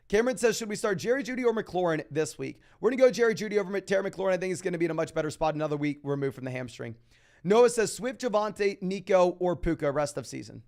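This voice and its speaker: Reading viewer questions off his fantasy football live stream, a young man answers each one in rapid, upbeat sports talk. His voice is high.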